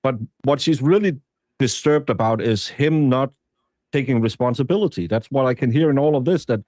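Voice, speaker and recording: A man co-hosts a live stream and talks in an earnest, halting way, often restarting his sentences. His voice has a medium pitch and is recorded on a dry, close mic. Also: darkish tone, no room sound. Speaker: stream co-host.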